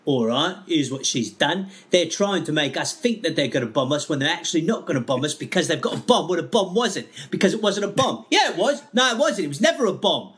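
A man's voice: a little high, big pitch swings, brisk, few pauses, voice pushed down. A man voicing a paranoid, rambling man with a put-on German accent who keeps contradicting himself. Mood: paranoid ranting. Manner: rambling, self-contradicting, shouty.

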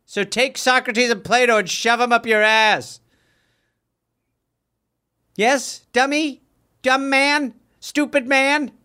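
A man voicing the ghost of a sharp-tongued old woman who mocks and insults a man. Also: very high-pitched, fairly even intonation, slow, long pauses, clear, resonant tone, exaggerated voice. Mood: scolding. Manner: mocking, insulting.

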